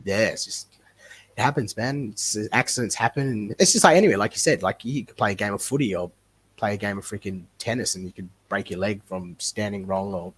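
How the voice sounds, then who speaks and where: A man's voice: fairly low pitch, a little fast, slight background noise. A man, a wrestler talking casually as a podcast guest, rambling and laughing easily. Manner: relaxed, rambling, laughs often.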